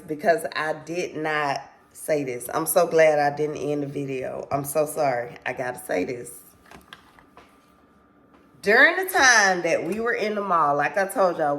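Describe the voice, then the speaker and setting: A woman's voice: deep voice, a bit bright. A woman vlogger telling a casual storytime to her viewers, candid and rambling, swearing freely and apologizing as she loses her thread.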